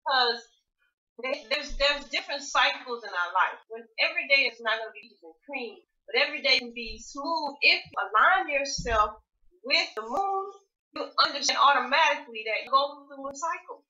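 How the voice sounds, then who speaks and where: A woman's voice: high-pitched, animated, moderate pace, pushed and bright. A woman giving an emphatic spiritual talk as co-host of an online women's circle, recorded over a video call. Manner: emphatic, preachy, uses "baby" and "honey". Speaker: co-host, womb wellness teacher. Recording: roomy, dull video-call audio.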